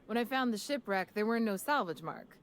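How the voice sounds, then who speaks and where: An actress voicing a tough, sharp-tongued female salvager in a video game, blunt and scornful. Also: a little high, animated, a little fast, natural voice. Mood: defiant.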